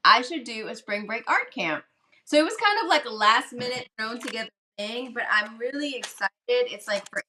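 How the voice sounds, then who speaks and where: Chatty bright-voiced woman host. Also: on the high side. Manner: chatty storytelling, acts out quotes. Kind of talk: casual livestream craft chat.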